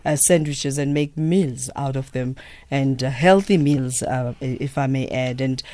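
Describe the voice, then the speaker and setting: A man's voice: mid-range voice, unhurried. A man hosting a radio show, chatting casually in a studio with many fillers. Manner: relaxed, filler-heavy, hums while chewing. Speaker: radio host. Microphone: studio microphone.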